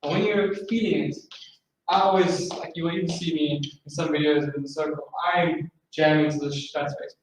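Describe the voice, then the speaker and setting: High-voiced man teaching in an echoey room. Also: fairly even intonation, moderate pace, distant mic, a little hiss or hum. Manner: explains and counts rhythms aloud. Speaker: drumming instructor. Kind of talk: masterclass lecture.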